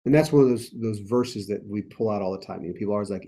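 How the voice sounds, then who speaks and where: A man's voice: lowish voice, quick pace, few pauses. Laid-back man leading a Bible study. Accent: American. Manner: animated, playful, laughs while explaining. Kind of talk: casual Bible study teaching.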